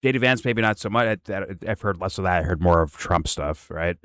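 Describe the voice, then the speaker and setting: A man's voice: low voice, brisk, fairly bright tone, dry recording, studio quality. A man hosting a casual reaction stream, laid-back and laughing often.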